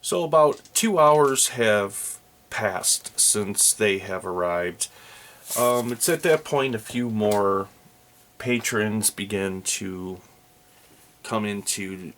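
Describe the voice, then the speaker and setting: A man's voice: on the low side, slow pace, a bit bright. A man narrating a solo tabletop role-playing game, speaking hesitantly with many ums and uhs.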